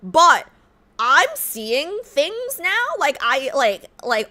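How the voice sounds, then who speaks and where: A woman streams and talks casually with her chat in a fairly high, bright voice. She rambles with constant "like"s. Her pitch swings widely when she flares into a rant. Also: big pitch swings, very slow. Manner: rambling, heavy use of "like", flares into loud rants.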